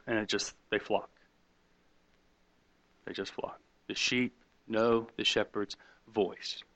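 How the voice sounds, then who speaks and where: Bright-voiced man preaching a sermon. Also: mid-range voice. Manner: swings from loud emphatic points to quiet, hushed asides; conversational, mocking skeptics in quoted voices. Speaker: pastor.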